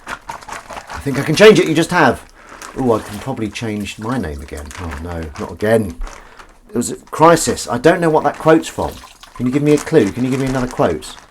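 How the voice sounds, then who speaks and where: A man's voice: medium pitch, sing-song, fairly quick, slight background noise. A man hosting a casual livestream from home, chatting with viewers in a rambling, self-mocking way. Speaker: livestream host. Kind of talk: casual chat with live chat viewers.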